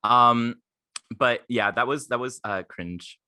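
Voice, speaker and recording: A man's voice: medium pitch, slow pace, pushed and bright, clean tone, dry recording, clean studio sound. A man co-hosting a podcast in casual chat, rambling with stammered restarts and plenty of fillers. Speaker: podcast co-host.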